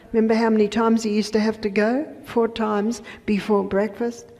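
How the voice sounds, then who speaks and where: Lady teaching health stuff, gravelly voice, long reverb in a big hall. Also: a little high, little pitch movement, moderate pace. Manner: conversational storytelling, drops to soft asides. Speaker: health educator. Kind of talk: lecture with patient anecdotes.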